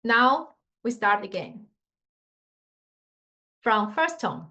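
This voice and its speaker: Slow, bright-voiced Mandarin teacher woman. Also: fairly high pitch, big pitch swings. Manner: slow, patient, demonstrative, non-native English grammar. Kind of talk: tone pronunciation lesson.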